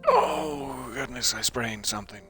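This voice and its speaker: A man's voice: on the low side, slow pace, sharp tone, faint music behind. A man streaming a puzzle game live, commenting playfully and melodramatically to himself. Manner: playful, melodramatic, talks to objects.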